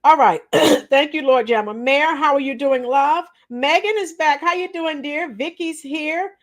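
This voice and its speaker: A high-pitched woman hosts a chatty livestream, calling out viewers by name as they join. Her voice sounds slightly strained, and she clears her throat now and then. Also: unhurried. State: slightly strained voice after a week of teaching. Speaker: livestream host. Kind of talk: casual live chat with viewers.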